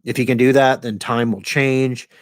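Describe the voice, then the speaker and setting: A man's voice: medium pitch, steady tone, normal speed, natural voice. A man retelling a dying, urgent time traveler. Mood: instructing. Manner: earnest, profane pleading.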